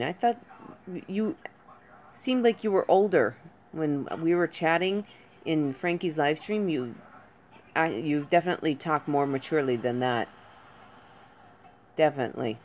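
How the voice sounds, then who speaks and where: A woman with a notably low voice hosts a casual live stream. She greets chat viewers by name in an unhurried, conversational way. Her tone stays gentle and consoling. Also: expressive, slight background noise.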